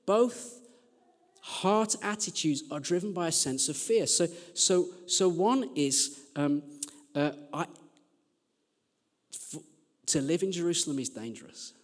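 Lively, high-voiced preacher in a hall. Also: male voice, measured pace. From Birmingham, England. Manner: chatty, self-deprecating storytelling with many restarts. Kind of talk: sermon.

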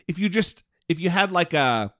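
A man's voice: sits high, normal speed. A man co-hosting a casual podcast, joking and swearing freely. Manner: profane, joking, animated. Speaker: podcast co-host.

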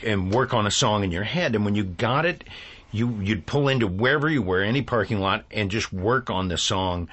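A man's voice: on the low side, animated, normal speed, fairly bright tone, breathy edge. A man hosting a conversational interview who prompts his guest's stories and cuts in with wry, teasing remarks. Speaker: interviewer host.

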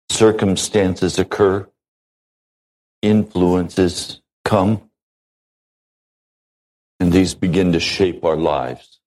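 A man delivering a sermon from the pulpit, in the unhurried, measured manner of a seasoned pastor. His voice sits a little low and he leaves deliberate pauses between short phrases. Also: creaky, a little mellow, poor audio.

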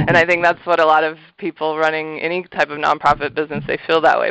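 Smooth, earnest man in an interview. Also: on the high side, little pitch movement, a little fast, no room sound. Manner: earnest, reflective, with soft laughs and many fillers. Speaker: thrift shop manager, interview guest. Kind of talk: casual interview answers. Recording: slightly muffled, dull audio.

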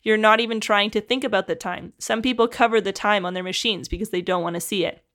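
A woman's voice: mid-range voice, fast, fairly bright tone. A woman co-hosting a podcast in casual chat, reading quotes aloud with a chatty, "like"-filled manner. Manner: chatty, lots of "like". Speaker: podcast co-host.

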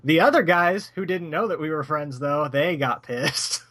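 Man, podcast co-host, blunt, profane, ranting, somewhat high voice. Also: animated, normal speed, a bit bright. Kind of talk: casual podcast chat.

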